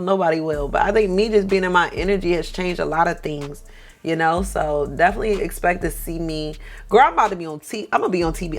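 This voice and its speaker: A woman vlogging at home with a desk mic, chatting sassily and animatedly while doing her makeup, swearing freely. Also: lowish voice. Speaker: beauty vlogger. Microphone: first-time desk mic.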